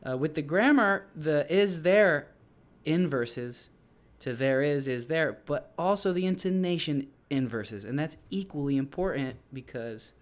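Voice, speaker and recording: In an unhurried, rather high voice, a man explains to other teachers what he does in his English classes. He talks loosely, rambling and frequently starting over.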